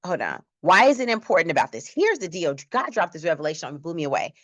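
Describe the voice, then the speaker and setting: A woman's voice: on the low side, very animated, quick pace, fairly bright tone, no echo. A woman teaching a church Bible class in a conversational way, asking the class questions.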